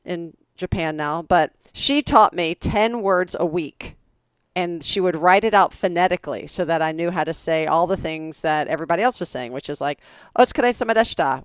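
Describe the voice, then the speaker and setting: A woman in her forties, co-hosting a podcast, tells chatty, animated stories and acts out other people's lines. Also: sits low, clear, resonant tone, no echo, studio quality. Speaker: podcast co-host. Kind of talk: casual storytelling chat.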